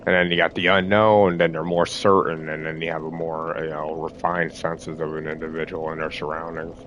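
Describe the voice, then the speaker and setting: Very deep, flat-voiced rambling man. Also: highs cut off, a little hiss or hum. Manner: rambling, repeats himself, halting restarts, swears, self-soothing. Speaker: streamer. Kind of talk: rambling monologue.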